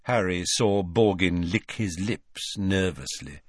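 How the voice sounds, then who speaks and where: Low-pitched and measured, a man narrates an audiobook expressively, in the manner of a storyteller. The recording is dry with clean studio sound.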